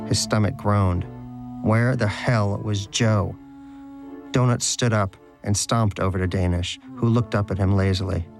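A man narrating a storybook in a dry, wry, measured manner. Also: lowish voice, steady tone, creaky, a little mellow, faint music behind.

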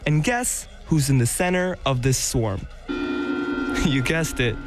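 Man, scripted radio narration, playful teasing, mid pitch, music underneath. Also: slow.

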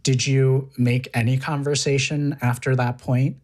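A woman's voice: extremely low pitch, level tone, a little slow, darkish tone. A woman interviewing a guest in conversation, probing with pointed follow-up questions.

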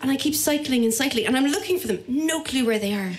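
Irish woman telling a lively story. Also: high-pitched, fast. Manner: lively, acts out other voices in quotes. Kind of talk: personal story told to an audience.

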